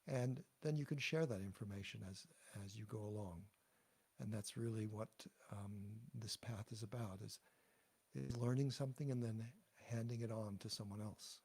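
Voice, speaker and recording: A man giving a patient pronunciation lesson over a video call, talking in a halting way with many fillers and restarts. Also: fairly low pitch, darkish tone, slightly rough. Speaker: teacher.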